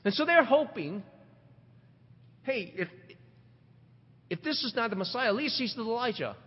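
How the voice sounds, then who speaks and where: A middle-aged man preaches with a high voice that rises and falls widely. He asks rhetorical questions and repeats words as he presses his points. The sound is dull and carries a long hall reverb. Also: animated, moderate pace, husky. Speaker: pastor. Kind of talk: sermon.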